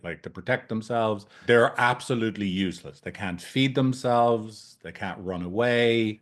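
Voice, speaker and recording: Lively swearing man teaching therapists. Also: fairly low pitch. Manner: animated, swears freely, keeps tagging "right?". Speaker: couples therapist trainer. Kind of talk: casual training talk.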